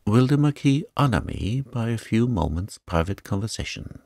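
A man's voice: fairly low pitch, expressive, moderate pace, darkish tone, no echo, studio quality, voice pushed up. A man reading the part of a grave young prosecutor who speaks with urgent, guarded seriousness. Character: stern male prosecutor, urgent and secretive.

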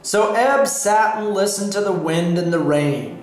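A man reading a children's storybook aloud for learners, slow and deliberate. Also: high voice. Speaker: storybook reader. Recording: very echoey room.

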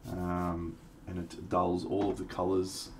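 A man's voice: low voice, completely flat delivery, slow pace, a little mellow, a little hiss or hum. An Australian man chatting casually on a livestream while he paints miniatures, swearing now and then and answering viewers by name. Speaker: streamer.

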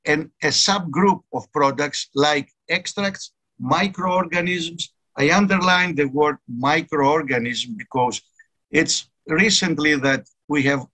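Guy giving a conference talk, kinda high bright voice, earnest, keeps stressing words. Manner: earnest, emphatic, repeats key words. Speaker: conference speaker. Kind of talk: technical conference presentation.

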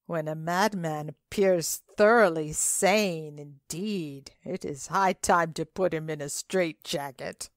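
A woman voicing a genial, excitable older male asylum director in a dramatic reading of a classic story, talking in a courtly, grandly emphatic way. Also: deep voice, takes it slowly, hardly any pauses, no echo, clean studio sound. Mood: confiding.

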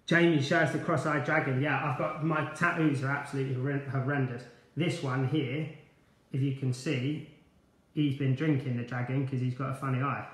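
A man's voice: medium pitch, fairly even intonation, moderate pace, roomy sound. A man hosting a live online quiz night, chatty and upbeat as he greets viewers by name. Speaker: quiz host, former player.

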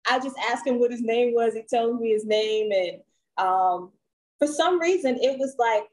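A woman, a singer, telling a story as a podcast guest in a relaxed, chatty way with frequent fillers. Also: high voice, low-quality recording. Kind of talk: storytelling in an interview.

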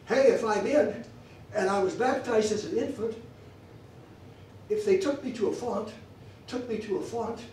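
A man's voice: sits high, moderate pace, pauses often, a little mellow, a little hiss or hum. A man teaching a church theology class, emphatic and repeating phrases for stress, recorded in an echoey church room from far off.

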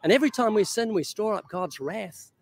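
Brief: older New Zealand man, street evangelist, soft-spoken but preachy, slightly high voice. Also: lively intonation, brisk, vocal fry. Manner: earnest, gently preachy, dry humor. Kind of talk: street conversation about faith.

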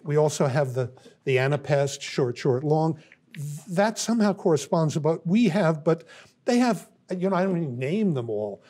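An older man, a philosophy professor, giving a university lecture in a thoughtful, halting way with many pauses and restarts. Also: on the high side, big pitch swings, darkish tone. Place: college classroom.

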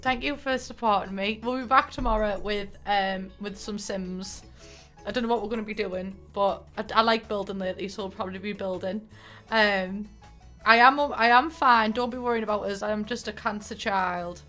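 A woman's voice: mid-range voice, moderate pace. A woman streamer chatting casually at the end of a stream, tearful and emotional, rambling and poking fun at herself. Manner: chatty, self-mocking, rambling with restarts. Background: soft game music.

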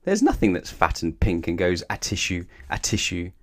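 A man's voice: low-pitched, wildly swooping pitch, normal speed, dry recording, studio quality, full character voice. A man voicing a rude, smug male pig in a children's story, scoffing as he speaks. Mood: worried.

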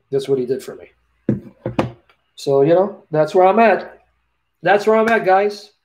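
A man with a notably high voice hosts a live Q&A on a video call, with slight background noise present. Earnest and full of feeling, he tells a personal story, returning to repeat key phrases.

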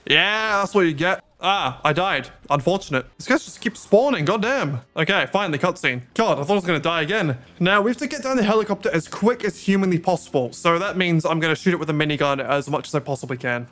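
A man's voice: on the high side, lively intonation, brisk, fairly bright tone. A young man giving sarcastic gameplay commentary and talking back to game characters. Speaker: gaming YouTuber.

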